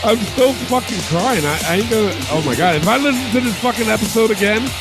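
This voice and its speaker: High, creaky man laughing and cursing. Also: quick pace, over loud music. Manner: laughs helplessly and swears a lot. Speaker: podcast host. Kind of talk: casual podcast banter.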